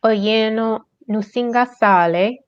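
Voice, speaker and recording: A woman reading practice sentences aloud in an online language class, slow and careful. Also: a little high, clear, resonant tone, no echo, muffled recording. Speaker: student.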